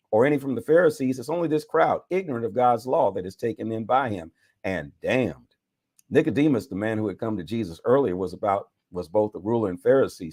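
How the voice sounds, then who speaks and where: A man's voice: mid-range voice, darkish tone, no echo, studio quality. A man, a bishop, reading scripture aloud with dramatic emphasis, now and then correcting himself and adding his own remarks. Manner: dramatic reading with self-corrections and side comments.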